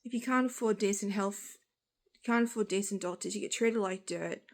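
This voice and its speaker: Tired aussie woman vlogging, groggy, rambles on and on, middle pitch. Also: a little fast, darkish tone. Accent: Australian. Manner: rambling, frank, speaks in long run-on sentences. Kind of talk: casual chat.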